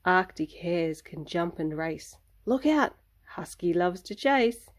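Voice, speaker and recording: A woman reads a children's picture book aloud at an unhurried pace. Her delivery is sing-song and gentle, and she voices the animals' sounds as she goes. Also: lowish voice, animated.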